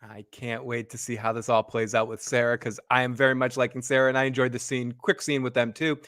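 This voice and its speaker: A man hosting a show, briskly retelling the plot of an episode and acting out the scenes he retells. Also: medium pitch, level tone, fairly bright tone, dry recording, clean studio sound. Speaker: podcast host. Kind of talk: casual recap narration.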